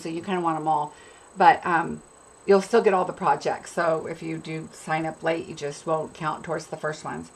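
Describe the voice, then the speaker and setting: An upbeat woman from California chats casually as she hosts a craft live stream, greeting viewers one by one. She has a cold, and a cough breaks through her voice now and then. Her voice sits at an ordinary middle pitch for a woman. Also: low-quality recording. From California, USA. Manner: chatty and upbeat, greets and answers viewers by name.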